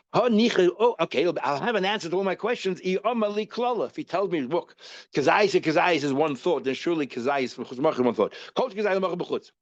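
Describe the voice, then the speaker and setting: A man teaching a Talmud lesson, reasoning aloud in a lively way and repeating terms as he works through the logic. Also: a little high, no room sound, muffled recording.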